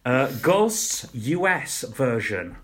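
A man's voice: mid-range voice, very animated, very slow, background noise. A young man co-hosting a podcast, chatting casually and rambling about shows, laughing at his own jokes. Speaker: podcast co-host. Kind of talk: casual chat reviewing shows.

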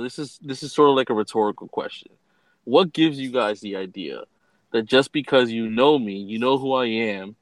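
A man's voice: medium pitch, fairly bright tone, no room sound, low-quality recording. A man co-hosting a casual podcast, talking in a laid-back, slangy way and often stammering and restarting his sentences. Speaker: podcast co-host.

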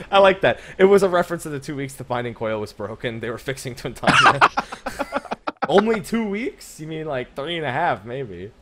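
A man's voice: medium pitch, background noise. A man co-hosting a casual gaming podcast over a video call, laughing easily. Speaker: podcast co-host.

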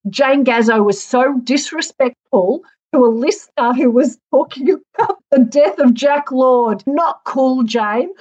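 An Australian woman, an author and former radio DJ, chatting in an interview and telling lively stories. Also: high voice, unhurried, hardly any pauses, highs cut off. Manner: lively storyteller, laughs through anecdotes. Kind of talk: casual interview chat.

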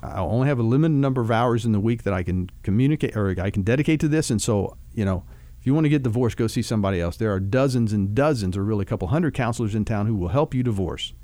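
A man who works as a marriage counselor, explaining relationship advice in a relaxed, folksy storytelling way with vivid food analogies. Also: fairly low pitch, fast talker, hardly any pauses, no room sound. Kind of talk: conversational teaching on a talk show.

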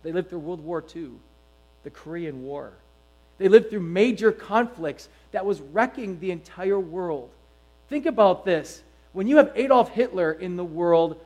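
A middle-aged man preaching a sermon to his congregation, emphatic and animated, full of rhetorical questions. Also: high voice, unhurried, low-quality recording. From United States. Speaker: pastor.

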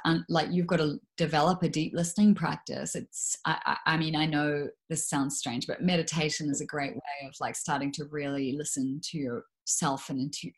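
A young woman speaks as an interview guest in a low voice. She talks frankly and reflectively, circling back on her words with fillers and restarts. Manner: frank, reflective, many fillers and self-corrections. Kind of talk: candid conversational interview.

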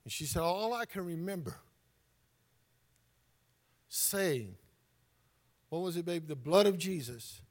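A man's voice: fairly high pitch, expressive, takes it slowly, long pauses. A man preaching a fervent sermon as pastor, calling out to his congregation. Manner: fervent, call-and-response preaching.

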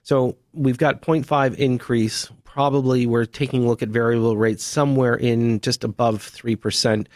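A man's voice: medium pitch, fairly even intonation, moderate pace, hardly any pauses, a little mellow, no room sound, clean studio sound. A man hosting a radio talk show, chatty and joking with his guests.

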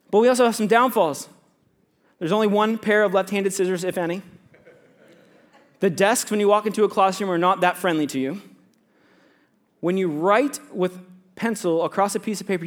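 A male pastor of students and young adults preaching a sermon to a congregation, chatty and joking, with quick asides between loud emphasis and quiet remarks. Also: high voice. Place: church sanctuary with a congregation.

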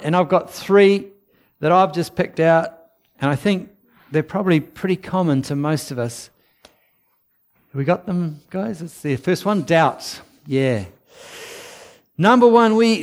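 A man giving an informal, chatty sermon, with laughing asides and a low voice for the quoted whispers. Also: a little mellow. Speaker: preacher.

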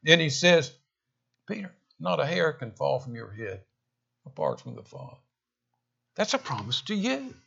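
Male pastor, sermon, bright husky voice, lively pitch, dramatic loud-to-quiet swings, muffled recording. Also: normal speed, long pauses.

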